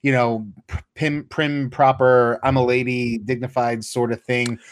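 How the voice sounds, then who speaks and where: A man's voice: mid-range voice, little pitch movement, unhurried. A man co-hosting a casual wrestling podcast, talking bluntly and swearing freely between laughs. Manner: blunt, profane, laughing banter. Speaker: podcast co-host.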